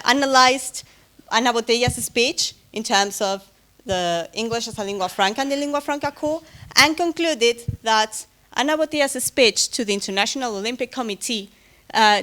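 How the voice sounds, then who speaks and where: A woman's voice: on the high side, sharp tone. Woman presenting a lecture. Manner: hesitant, many fillers and self-corrections, light humor. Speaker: conference speaker giving closing talk. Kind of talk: academic conference presentation.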